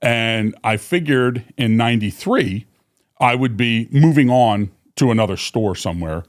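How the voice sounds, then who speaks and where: A man's voice: mid-range voice, a little slow. A man in his fifties, a company vice president, casually telling stories on a podcast with many fillers and restarts. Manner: rambling, many fillers and restarts, animated when quoting. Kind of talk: casual storytelling in a podcast interview.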